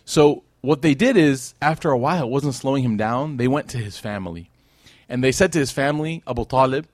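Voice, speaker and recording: A man leads a religious lesson in a relaxed storytelling way, talking at a brisk clip and joking with his listeners. He mixes in short passages of recited Arabic scripture. His voice sits in a middle register and sounds dry and close to the mic. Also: mid-range voice, no echo. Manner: animated, conversational, jokes with the audience. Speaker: Islamic teacher. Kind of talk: casual storytelling lecture.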